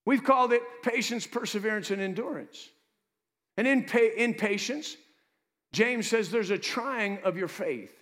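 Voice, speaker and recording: High, lively preaching man. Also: in a large hall. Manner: lively preaching with asides to the congregation. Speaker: pastor. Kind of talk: sermon.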